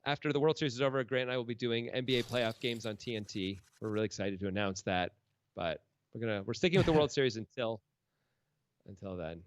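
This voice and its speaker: A man's voice: mid-range voice, fast talker, smooth. A man commentating a poker stream in a casual, joking, rambling way, often laughing.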